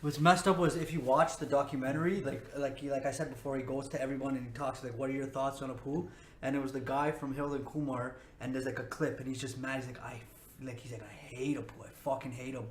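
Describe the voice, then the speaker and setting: A man's voice: medium pitch, steady tone, fast talker, a little hiss or hum. A man on a casual podcast chat, retelling things indignantly and swearing. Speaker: podcast co-host. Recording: echoey room.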